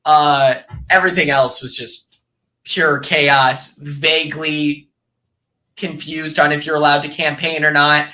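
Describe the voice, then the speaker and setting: High, bright-voiced young man. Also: a little slow. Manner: animated storyteller who acts out quotes and laughs often. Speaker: podcast guest, former reality show contestant. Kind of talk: casual podcast chat.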